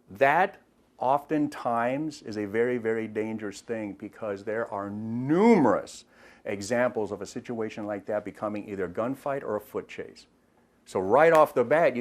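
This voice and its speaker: Middle-aged man, retired officer, interview talk, steady mid pitch, plain explainer who restarts phrases. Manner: plain, explanatory, repeats words while thinking. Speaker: retired police officer, de-escalation trainer.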